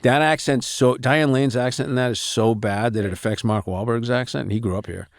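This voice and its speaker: A middle-aged man, talking as a writer guest in a relaxed, wry interview, laughing often as he tells stories. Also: mid-range voice, a little fast, no room sound, studio quality. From Boston. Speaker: novelist and screenwriter guest.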